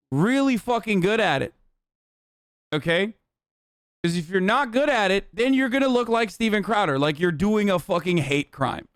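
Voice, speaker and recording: A male streamer giving casual reaction commentary with a fairly high, smooth, resonant voice. He talks in an animated way, swears freely and laughs often. The sound is dry and close. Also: no room sound. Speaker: streamer host.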